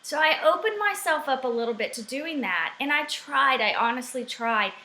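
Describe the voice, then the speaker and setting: Middle-aged woman, animated ranting vlogger, slightly high and bright, recorded in a roomy home office. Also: normal speed. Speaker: network marketing vlogger. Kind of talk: casual vlog rant.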